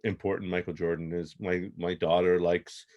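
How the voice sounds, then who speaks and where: A man, telling stories as a podcast guest in an animated way, chuckling often. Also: deep voice, moderate pace, highs cut off. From Toronto, Canada. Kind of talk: casual storytelling interview.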